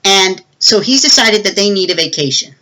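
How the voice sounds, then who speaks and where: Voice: mid-range voice, animated, moderate pace, sharp tone, low-quality recording. A movie reviewer giving a casual, rambling plot recap with many fillers and restarts.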